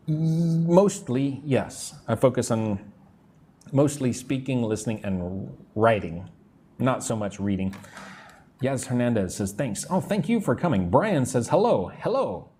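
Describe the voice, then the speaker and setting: Slow American man teaching English. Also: medium pitch, warm tone. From United States. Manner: slow, careful modelling of phrases for repetition. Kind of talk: live-stream English lesson, reading chat comments. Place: room in Vietnam.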